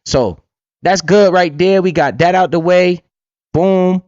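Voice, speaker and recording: A man's voice: high voice, takes it slowly, darkish tone, no echo, dull audio. A man hosting a casual livestream, talking bluntly with lots of swearing and keeps asking "right?". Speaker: livestream host and crypto investor.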